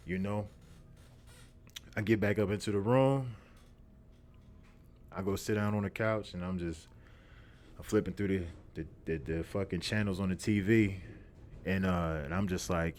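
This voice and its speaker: A man's voice: lowish voice, normal speed, long pauses, a little hiss or hum. A young man, hosting a podcast and telling a story in a profane, repetitive, streetwise way. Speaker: podcast host. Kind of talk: casual storytelling monologue.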